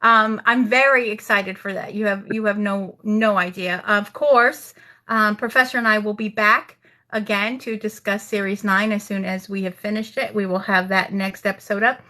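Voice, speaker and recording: A woman's voice: medium pitch, steady tone, moderate pace, bright, forceful tone. A woman, a rabbi co-hosting a casual chat. She speaks earnestly and supportively with a dry, mock-solemn humour and frequent fillers. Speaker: rabbi and co-host.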